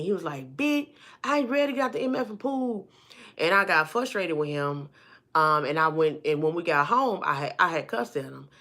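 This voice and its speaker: A woman vlogger telling a personal story to her viewers in a lively, chatty way, calling them y'all and honey and acting out the people in it. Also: low voice. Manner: acts out the people in her stories.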